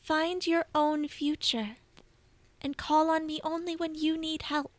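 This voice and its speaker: A woman voicing a regal cat goddess elder who speaks softly, measured and motherly. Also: high voice, flat delivery, dry recording, voice pushed up. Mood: tender.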